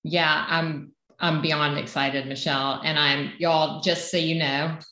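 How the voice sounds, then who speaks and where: Low-voiced Southern woman, echoey room. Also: flat delivery, a little slow, sharp tone. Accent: Southern American. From South Carolina. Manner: earnest, emphatic declarations. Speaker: health coach co-host. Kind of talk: podcast introduction and personal story.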